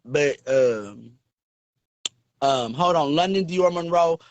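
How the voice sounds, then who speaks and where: A man hosting a casual livestream, talking in a flamboyant, sassy and profane way, with big swings in pitch. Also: slow pace, a little hiss or hum. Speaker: livestream host.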